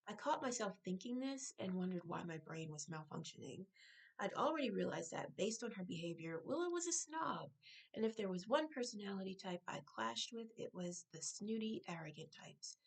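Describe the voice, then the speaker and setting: A woman author reading her own novel aloud, now and then breaking off to correct herself or make a quick aside. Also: mid-range voice, low-quality recording.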